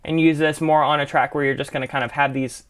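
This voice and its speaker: A young man explaining music production software in a relaxed, chatty tutorial, full of casual fillers. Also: fairly high pitch, fast talker, noisy background. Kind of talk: casual screen-share tutorial.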